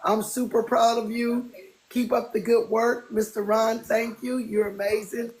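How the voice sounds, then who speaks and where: A woman, chatting casually on a phone and praising everyone with warm, loose swearing. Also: fairly high pitch, little pitch movement, unhurried, breathy edge, rough recording. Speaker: listener calling in to a live audio chat. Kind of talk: casual chat.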